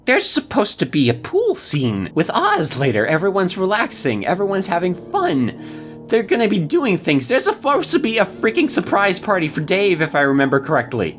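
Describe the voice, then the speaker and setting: A woman reading a story game aloud and reacting with excited, disbelieving exclamations. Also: fairly low pitch, normal speed, soft background music. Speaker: game streamer.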